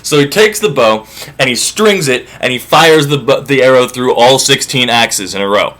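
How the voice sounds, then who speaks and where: Lively irreverent male storyteller. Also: medium pitch, normal speed. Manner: irreverent and profane, casual. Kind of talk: comic myth retelling.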